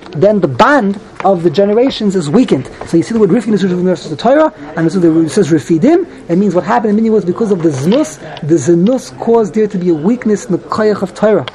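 Fast, high-voiced man teaching Talmud. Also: darkish tone, rough recording. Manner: rapid, mixes Hebrew phrases with English explanation, frequent restarts. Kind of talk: Talmud class lecture.

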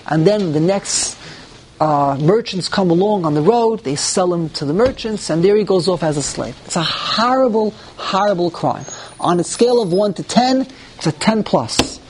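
A man's voice: high-pitched, moderate pace, a little hiss or hum. A man teaching a Torah class who reads verses and then explains them, with rhetorical questions and the odd restart. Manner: animated, with rhetorical questions and mock dialogue; restarts and searches for words.

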